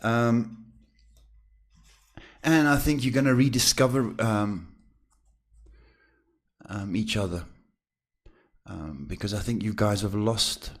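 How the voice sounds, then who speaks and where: A man's voice: on the low side, slow pace, pauses often. A man with a South African accent, a psychic tarot reader giving chatty live-stream advice to viewers and calling them sweetheart.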